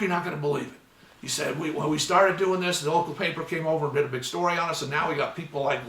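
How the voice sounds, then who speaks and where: A man giving a lecture, telling a story and acting out both sides of a phone call, with sudden loud bursts. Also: on the high side. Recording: roomy hall, mic at a distance.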